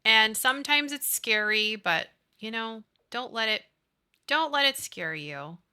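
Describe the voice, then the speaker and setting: A woman's voice: a little high, expressive, measured pace, sharp tone, clean tone. A woman in her thirties chatting casually with her live-stream chat, gushing and reading out viewers' messages.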